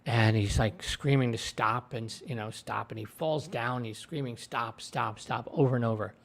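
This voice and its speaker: A man's voice: medium pitch, moderate pace, gravelly. A man giving a casual spoken review of a TV episode, retelling scenes in a rambling way with lots of fillers, into his own desk microphone. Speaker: TV show reviewer.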